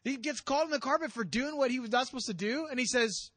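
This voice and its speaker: A male pastor preaching a sermon, telling a story with animation and acting out the characters' lines, dropping low for emphasis. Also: fast, hardly any pauses, bright, forceful tone, dry recording.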